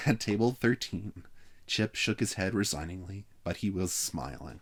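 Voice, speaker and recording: A man reading a children's novel aloud with steady, expressive narration. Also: sits low, moderate pace. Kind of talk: read-aloud story narration.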